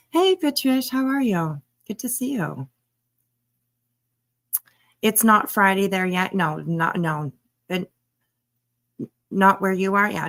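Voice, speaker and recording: A woman hosting a live stream, a little hoarse, chatting casually and greeting viewers by name with frequent laughs. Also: mid-range voice, a bit bright. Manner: chatty, laughs often, reads chat names aloud. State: hoarse, throat tickle.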